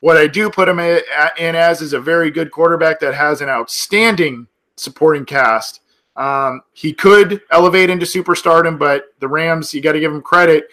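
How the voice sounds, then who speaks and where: A man's voice: fairly high pitch, normal speed, sharp tone. A man hosting a sports podcast, talking casually with many fillers and restarts. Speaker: podcast host.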